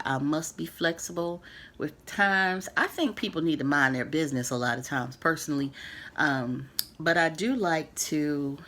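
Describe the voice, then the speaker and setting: Talking directly to her viewers about a book, a woman from the United States is earnest and emphatic yet casual, tossing in sassy remarks. She speaks at a moderate pace in a low, a bit bright voice with lively intonation.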